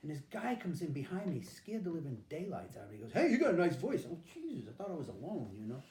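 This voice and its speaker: A man's voice: fairly high pitch, big pitch swings, quick pace, dark tone, roomy sound, a little hiss or hum. An older man, being interviewed about his life and telling it candidly, acting out what people said. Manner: candid storytelling, acts out quotes. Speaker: interviewee, veteran. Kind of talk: recounting his life story.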